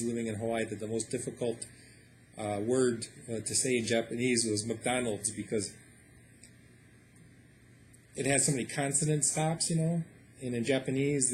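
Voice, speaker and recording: Man, mid-pitched, easygoing story reader, loose and chatty between passages, light background hiss. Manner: casual, explanatory, many fillers. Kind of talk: reading a story aloud with translation.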